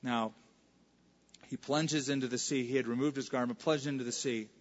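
A man's voice: mid-range voice, fairly even intonation, moderate pace. Man preaching in an echoing hall. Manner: conversational preaching, acts out scripture dialogue. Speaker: pastor. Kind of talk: sermon. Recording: reverberant hall, dull lo-fi sound.

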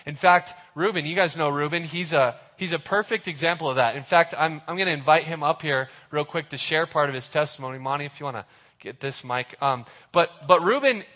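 A man giving a casual sermon, animated and acting out the dialogue of the people in his story. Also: fairly high pitch, brisk. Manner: animated, acts out the characters' dialogue. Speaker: youth pastor. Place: church hall. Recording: reverberant hall.

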